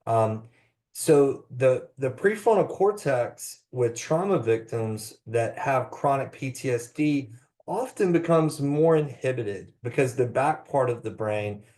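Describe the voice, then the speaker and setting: A man's voice: medium pitch, lively intonation, slow, dark tone. A man giving a live presentation to clinicians on trauma-informed care, talking with many ums, uhs and restarts. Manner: hesitant, many fillers and restarts.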